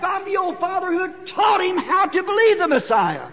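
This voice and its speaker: Folksy preacher, a man with a very high voice, storytelling that climbs to shouts, dull old recording. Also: wildly swooping pitch, moderate pace, few pauses. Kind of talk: sermon. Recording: dull recording with long hall echo.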